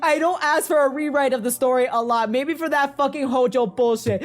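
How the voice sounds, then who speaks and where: A woman with a fairly high voice gushes emotionally in a casual fan chat, rambling through her thoughts with plenty of fillers. Faint music plays softly behind her. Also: fairly quick. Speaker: podcast co-host.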